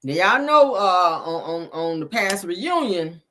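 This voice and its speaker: Brief: woman gossip host, lower-pitched voice, sassy and profane, animated storytelling. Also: slow, slight background noise. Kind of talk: casual reality-TV gossip commentary.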